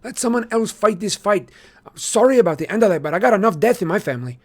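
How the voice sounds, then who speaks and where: A man's voice: sits high, lively intonation, fast talker, voice pushed up. A man doing a sarcastic, wary teenage boy. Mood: bitter. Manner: sharp, needling and bitter. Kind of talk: reading a novel aloud on a stream.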